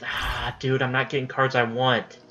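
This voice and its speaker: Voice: medium pitch, little pitch movement, moderate pace, a bit bright. A gaming channel host giving casual let's-play commentary, talking to themself and often saying "dude". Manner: casual self-talk, says "dude" a lot.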